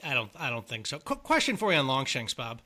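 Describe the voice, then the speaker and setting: A man's voice: mid-range voice, wildly swooping pitch, fast, sharp tone. A man co-hosting a podcast, chatting easily about a film and putting questions to his co-host. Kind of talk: casual movie chat.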